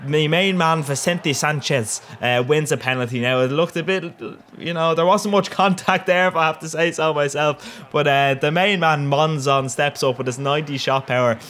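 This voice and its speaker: A man's voice: a little high, moderate pace, slight background noise. A young man with an Irish accent giving casual, rambling and cheeky commentary over his football video game matches. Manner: rambling and cheeky, with bursts of excitement. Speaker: gaming commentator.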